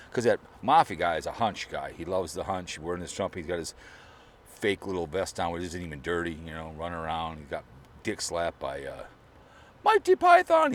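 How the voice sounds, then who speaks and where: A man's voice: extremely low pitch, a little hiss or hum. A middle-aged man rambling through a sarcastic mock eulogy on his video channel, at times putting on strained fake sobbing. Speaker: online video creator. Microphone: camera or phone mic, mic falls over.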